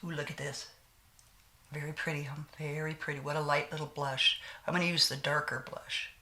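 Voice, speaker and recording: Chatty older woman, low and bright. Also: fairly even intonation, fairly quick. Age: 60s. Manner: chatty storyteller with frequent laughs and folksy sayings. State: slight lingering cough. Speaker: beauty vlogger. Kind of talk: casual chat while doing makeup.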